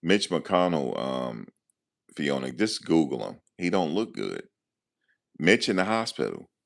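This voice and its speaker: A man with a rumbling, gravelly low voice hosts a live stream. He jokes around casually, commenting loosely and replying to his chat.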